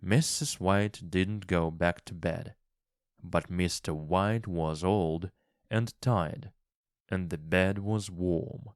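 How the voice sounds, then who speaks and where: A man slowly reading a graded English story aloud, clearly enunciating each phrase. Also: sits low, no echo, studio quality. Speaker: narrator of a graded English reader. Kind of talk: slow, expressive storybook reading.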